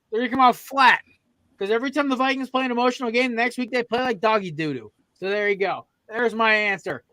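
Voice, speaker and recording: A man's voice: very high-pitched, fairly quick, pushed and bright, no room sound. A man hosting a sports podcast, casually picking games with profane, fired-up rants. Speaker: podcast host. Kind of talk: casual sports betting chat.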